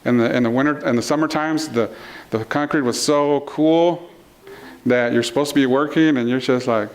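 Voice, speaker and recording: In a congregation hall, a middle-aged man preaches playfully and conversationally, acting out the characters in his stories. He speaks at a moderate pace in a mid-range voice, with a faint hiss or hum underneath.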